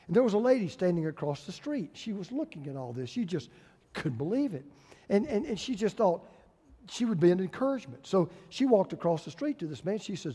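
A male pastor, preaching a sermon with folksy humor and lively storytelling. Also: sits high, brisk, big-room sound.

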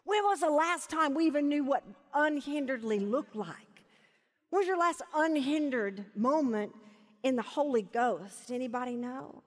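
A high-pitched woman preaches with emphasis and leans hard on key phrases. Her voice rings out with a long reverb from a large hall. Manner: emphatic, slows down to stress key words. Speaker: Bible teacher. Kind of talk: sermon.

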